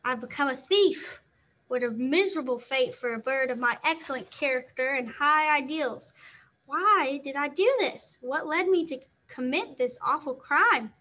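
A proud old cob swan torn by guilt, speaking in an earnest, self-reproaching tone, as a woman reads him aloud. His voice sits high and bright, for a storybook. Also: moderate pace. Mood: anguished.

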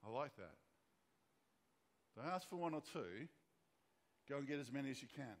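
A man's voice: medium pitch, expressive, fairly quick, long pauses. A man preaching a sermon as pastor, retelling a story and acting out the voices of its characters. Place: church hall. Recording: long church hall reverb.

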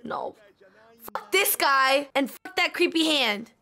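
A woman's voice: sits high, lively intonation, takes it slowly, sharp tone. A young woman reacting live to an anime episode, gasping, swearing and pleading at the screen.

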